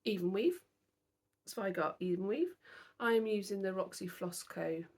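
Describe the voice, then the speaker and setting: Her voice mid-range and darkish, a weary young British woman chats to camera about her cross-stitch at an ordinary pace. She's yawning, talkative and quick to poke fun at herself.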